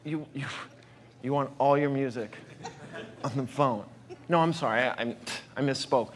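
A man from Boston doing a stand-up comedy set on a stage mic, full of stammering restarts, mock indignation and slow, deliberate punchlines. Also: mid-range voice, a little hiss or hum. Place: comedy stage before a live audience. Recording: live stage mic with crowd laughter.

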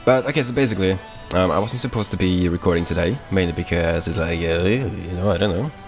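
Man, low voice, casual gameplay commentary, rambling, swears a lot, offhand. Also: fast talker, soft background music. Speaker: gaming YouTuber. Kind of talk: casual let's-play commentary.

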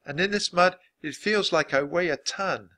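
A man voicing a spirited young girl adventurer in a storybook reading, eager and shouty. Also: sits high, moderate pace, voice pushed up. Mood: excited. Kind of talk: storybook character voice.

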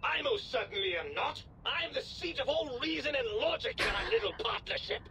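Snide British-sounding disembodied brain. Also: male voice, very high-pitched, big pitch swings, normal speed, vocal fry, pushed and bright, a little hiss or hum, heavily acted, poor audio. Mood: lecturing. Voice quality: snide, arch, sarcastic. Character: condescending, pompous male disembodied brain.

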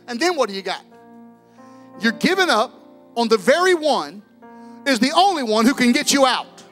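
A man pastor, preaching a sermon, rising to shouts and dropping to a hush. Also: very high-pitched, big pitch swings, moderate pace, faint music behind. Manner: preaching, swings from shouting to hushed.

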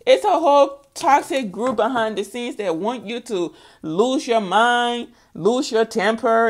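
A woman's voice: a little high, expressive, unhurried. A woman giving a spiritual tarot reading in a chatty, playful way, laughing often and talking straight to her viewers. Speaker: tarot reader.

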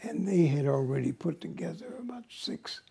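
An older American man, an actor, telling stories from his career in an interview with a slow, halting, husky delivery. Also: a little high, sing-song, mellow. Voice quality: gravelly, husky. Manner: slow, halting, breathy at times. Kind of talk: reflective storytelling.

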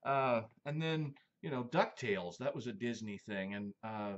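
Male host, casual rambling monologue, mid-pitched voice, slightly muffled audio. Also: normal speed. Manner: rambling, reminiscing, many fillers.

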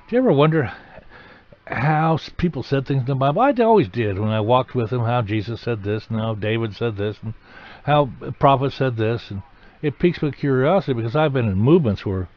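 A man preaching a sermon, telling the story dramatically and breaking into sudden loud, emphatic bursts. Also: mid-range voice, expressive, fairly quick, highs cut off.

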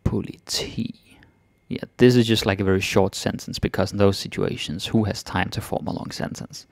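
Male language teacher, low and gravelly, relaxed chatty delivery, dry close recording. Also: no room sound. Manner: relaxed, chatty, repeats phrases slowly then fast. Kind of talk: casual language lesson.

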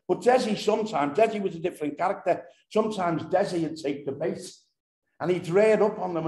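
At a commemoration event, an older man with a slightly high, slightly mellow voice tells humorous, earthy stories, often repeating himself and restarting phrases. The room is echoey.

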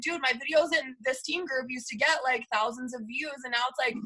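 A woman's voice: high voice, a little fast, hardly any pauses, bright, forceful tone. A woman in her thirties talking to her team in a live video, emphatic and repetitive, often saying "you guys.". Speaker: team leader. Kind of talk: motivational live stream.

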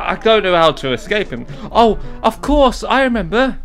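A young man commentating a video game, excitable and jokey, yelling and swearing at it and talking himself down between fits. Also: high-pitched, moderate pace, soft background music. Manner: talks to himself, jokey asides. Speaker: gaming YouTuber. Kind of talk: let's play commentary.

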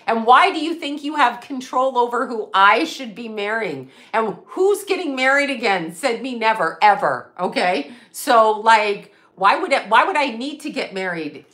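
A woman's voice: fairly high pitch, fairly bright tone. A middle-aged woman, a psychic medium, ranting in casual livestream chat, swearing and laughing often. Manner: profane, ranting and laughing a lot.

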